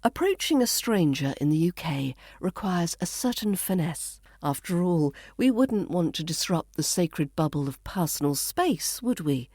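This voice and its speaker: A woman speaks in a polished British RP accent, teaching pronunciation with measured, precise delivery. Her voice sits low for a woman and is heard close up in a dry, dead room. She repeats each example phrase carefully, like a patient coach. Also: expressive, a little mellow, no echo. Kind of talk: pronunciation lesson with example sentences.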